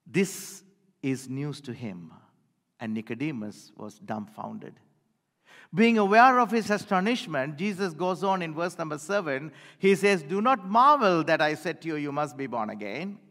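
A man preaching a sermon to his church, with dramatic pauses and phrases that fall away at the end. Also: fairly high pitch. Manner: animated preaching with dramatic pauses and falling endings. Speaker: pastor. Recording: long hall reverb.

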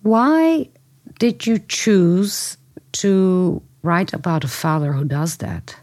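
Slow low-voiced woman interviewer. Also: a little mellow, dry recording. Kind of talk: interview conversation.

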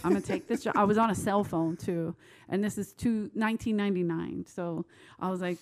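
A woman's voice: mid-range voice, fairly quick. Laughing woman telling wild stories. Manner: lively, laughing often, swearing freely. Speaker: guest. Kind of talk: casual storytelling chat.

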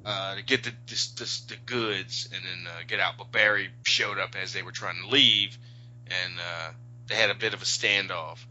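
Male podcast co-host, bright edgy tone, blunt and opinionated, dull audio. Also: low voice, fairly even intonation, moderate pace. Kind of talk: casual chat.

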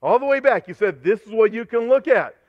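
Man preaching, high voice, fervent, hoarsening, dry dull recording. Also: lively intonation, a little fast, dry recording. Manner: fervent preaching, quoting scripture. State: losing his voice. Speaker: pastor. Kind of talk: sermon.

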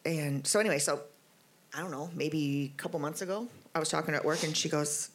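A middle-aged woman giving a testimony at church, telling her story in an animated, rambling way with many fillers. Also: low voice, quick pace. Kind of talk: spoken testimony.

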